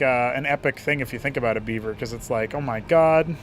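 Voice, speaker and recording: A man's voice: mid-range voice, soft background music. A young man casting a strategy game match alone, chatty and playful, with laughing asides. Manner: chatty, laughs at own jokes, quick asides. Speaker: esports caster. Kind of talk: solo play-by-play commentary.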